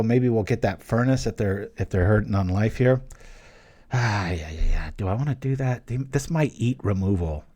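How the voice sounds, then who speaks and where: Casual young male gameplay host, low and mellow, chatty and thinking aloud. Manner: casual, thinking aloud, quick jokes and small exclamations. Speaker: channel host playing an online card game. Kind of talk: live gameplay commentary.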